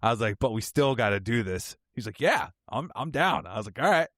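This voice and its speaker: A man hosting a podcast, telling a funny personal story in a casual, animated way and laughing often. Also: medium pitch, fairly quick, no room sound, studio quality. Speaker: podcast host.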